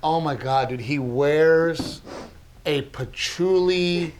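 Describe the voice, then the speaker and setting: A man hosting a podcast, telling stories in an animated, casual way and saying "dude" a lot. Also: on the high side, takes it slowly. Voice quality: animated storyteller, says "dude" often. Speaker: podcast host. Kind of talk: casual chat.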